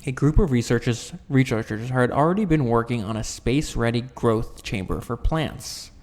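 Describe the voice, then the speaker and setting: A man's voice: mid-range voice, animated, moderate pace, darkish tone. Man reading aloud in an echoey room. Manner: stumbles and restarts mid-sentence, corrects himself. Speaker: book reader and commentator. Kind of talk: reading a nonfiction book aloud with casual asides. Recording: long reverberant room echo.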